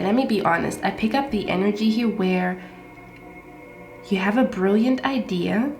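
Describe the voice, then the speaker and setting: A woman's voice: medium pitch, echoey room. A woman with a congested, stuffy voice from a cold, giving a chatty pick-a-card tarot reading with many fillers. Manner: chatty, with frequent fillers and soft asides.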